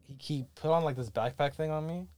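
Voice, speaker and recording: A man's voice: on the high side, brisk, darkish tone. A young man hosting a podcast, telling casual stories with lots of profanity and acted-out quotes. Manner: storytelling, profane, acts out quotes. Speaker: podcast host. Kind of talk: casual chat.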